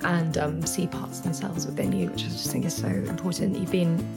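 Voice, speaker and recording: A woman hosting a podcast, talking in a halting, heartfelt way with many fillers. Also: on the low side, steady tone, creaky, over loud music. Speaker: podcast host. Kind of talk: casual podcast chat.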